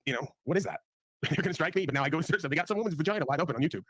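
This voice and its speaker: A man's voice: on the high side, lively intonation, racing, fairly bright tone, no room sound. A man hosting a livestream, chatting crudely, laughing often and mimicking people. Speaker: livestream host. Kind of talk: casual chat.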